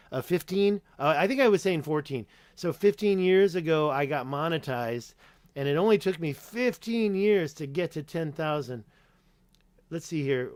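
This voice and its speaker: A man hosts a casual live-stream Q&A with a slightly high voice, rambling from point to point and correcting himself as he goes. He reads viewer names aloud between answers. The sound is dry and close, with no room echo. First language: English. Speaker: YouTube host answering live chat.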